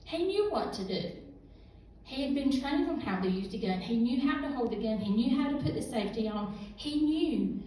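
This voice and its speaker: A middle-aged woman giving a halting, emotional personal testimony as a guest speaker at a church youth service. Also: high-pitched, lively intonation, mellow, slight background noise. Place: church hall. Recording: echoey room heard from a distance.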